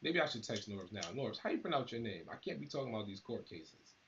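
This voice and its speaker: A man's voice: fairly low pitch, big pitch swings, quick pace, a bit bright, highs cut off, slight background noise. A man hosting a live stream, talking casually and rambling straight to his viewers. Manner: laid-back, rambling, talks straight to viewers. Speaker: battle rap channel host.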